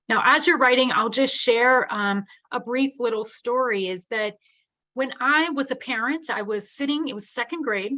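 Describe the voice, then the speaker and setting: A middle-aged woman delivers a webinar keynote in an earnest, conversational way. Her voice sits a little on the high side. She keeps checking in with her listeners. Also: fairly bright tone. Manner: earnest, conversational, tag questions. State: teary-eyed. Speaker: keynote speaker.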